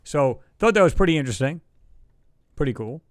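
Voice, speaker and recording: A man hosts a casual livestream, chatting in a loose, excitable ramble and answering viewer comments. His voice sits a little high, and the close mic gives a dry sound with almost no room around it. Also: fairly quick, no echo. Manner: rambling, loose and excitable, reads chat aloud. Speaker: livestream host.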